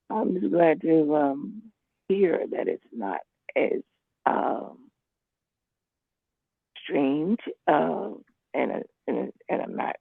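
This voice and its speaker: A woman's voice: mid-range voice, gravelly, husky, no echo. A woman calling in to an online class, talking in a rambling, emphatic way and repeating herself. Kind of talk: casual spoken account. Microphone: computer call. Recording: tinny phone-like line.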